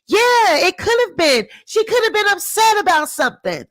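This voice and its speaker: A woman giving an indignant ranting commentary to her viewers, repeating her points emphatically and swinging between sharp exclamations and low muttering. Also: very animated, unhurried, few pauses. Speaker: commentary YouTuber.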